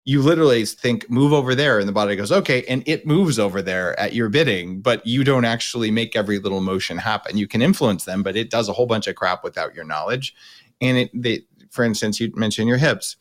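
A man's voice: lowish voice, a little fast. A middle-aged man hosting a podcast, coaching his guest and explaining at length in a blunt, casual way. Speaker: podcast host. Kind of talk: coaching conversation.

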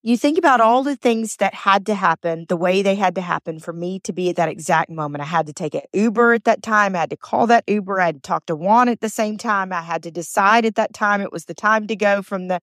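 A woman's voice: medium pitch, fairly quick, hardly any pauses, fairly bright tone, no room sound, studio quality. A woman hosting a motivational podcast, telling personal stories in an earnest, chatty way and repeating phrases for emphasis. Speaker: podcast host.

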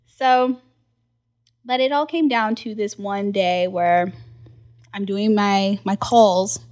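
Animated young woman telling a story. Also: medium pitch, takes it slowly. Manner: animated storyteller, acts out quoted voices, frequent laughs and "like" fillers. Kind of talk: casual chat.

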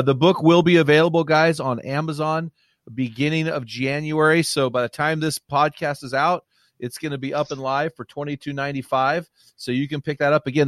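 A man's voice: fairly high pitch, dry recording, clean studio sound. A man hosting a faith podcast, affirming his guest and plugging a book. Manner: affirming, appreciative, reads out plugs. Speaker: podcast host. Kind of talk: faith-based podcast interview.

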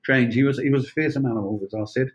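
Telling wry, meandering stories, a retired police officer in his sixties stumbles through many fillers and restarts. He talks rapid-fire in a medium pitch, and the recording has its highs cut off.

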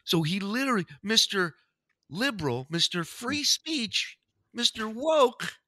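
A man hosting a podcast, telling a story in casual, profane, animated chat. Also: sits high, measured pace, no room sound, studio quality. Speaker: podcast host.

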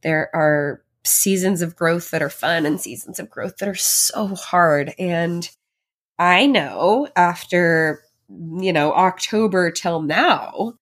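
Speaking slowly and with a fairly low pitch, this woman is pregnant and hosting a podcast of her own. The solo episode feels heartfelt and reflective, loose and full of fillers.

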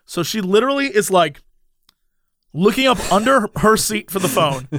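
A man's voice: high-pitched, moderate pace, no room sound, clean studio sound. A man chatting casually on a podcast, telling a story with lots of laughs and playing out the other people's lines himself. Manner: animated, laughs often, acts out quoted voices.

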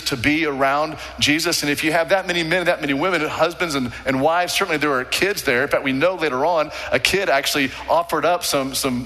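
Earnest preacher man with bright, ringing tone. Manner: earnest, emphatic, drops low and slow on key words. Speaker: pastor. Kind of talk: sermon. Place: large church sanctuary. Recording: long hall reverb.

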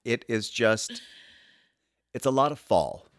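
A man's voice: mid-range voice, lively intonation, slow pace, a little hiss or hum. A man co-hosting a casual chat, blunt and profane, acting out his rants. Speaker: podcast co-host.

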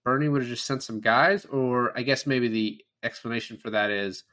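A man's voice: mid-range voice, moderate pace. A man talking casually about a movie, swearing often and acting out the characters' lines. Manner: animated, swears often, acts out quoted lines. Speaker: podcast co-host. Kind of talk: casual film discussion.

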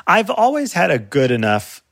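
A man's voice: sits high, wildly swooping pitch, normal speed, gravelly, no echo, studio quality. A male comedian in a casual chat, laughing often as he riffs and acts out silly voices. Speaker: comedian guest.

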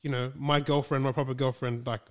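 A man's voice: medium pitch, flat delivery, brisk. A young man in casual chat, rambling and hesitant, talking through his thoughts. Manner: rambling, hesitant, lots of fillers.

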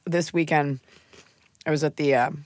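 A woman's voice: deep voice, fairly even intonation, normal speed, darkish tone, dry recording. Chatty woman comedian, dry studio mic. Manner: chatty, joking, talks while snacking. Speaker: comedian podcast host. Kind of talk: casual podcast chat. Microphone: studio microphone.

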